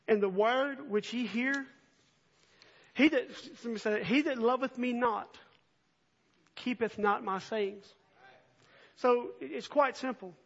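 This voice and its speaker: Male preacher, very high and bright tone, earnest sermon delivery, lo-fi sound. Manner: earnest, swells from soft reading to impassioned near-shouting. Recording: dull lo-fi recording.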